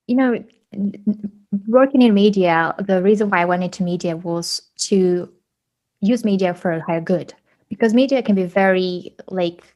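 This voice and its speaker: Woman, podcast guest, animated storyteller, mid pitch. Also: dull audio. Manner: animated, acts out quoted dialogue with big pitch jumps. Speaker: podcast guest, autism advocate. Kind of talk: casual interview storytelling.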